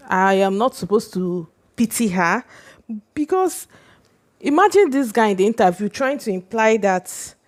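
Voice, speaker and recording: A woman's voice: medium pitch, a little mellow. A woman ranting emphatically about celebrity gossip, firing off rhetorical questions. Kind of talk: casual opinion rant.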